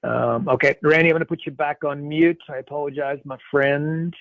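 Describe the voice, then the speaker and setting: A man's voice: fairly high pitch, steady tone, a little fast, gravelly, no echo. A man hosting a live business coaching call, upbeat and slangy, calling callers buddy and man. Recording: dry, tinny phone-like line.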